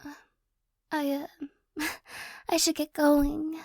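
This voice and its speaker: A woman performs a remorseful young ex-girlfriend in an ASMR role-play. Her voice sits very high and moves slowly, with halting pauses and nervous little laughs. The sound is dry and close. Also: completely flat delivery, creaky, darkish tone, dry recording, exaggerated voice. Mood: apologetic.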